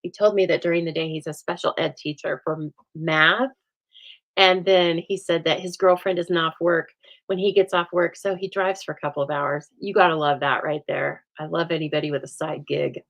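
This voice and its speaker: A woman's voice: low voice, moderate pace, poor audio. Chatty woman storytelling while she crafts. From United States. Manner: chatty, animated storytelling with voiced quotes and laughs. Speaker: stamping craft host.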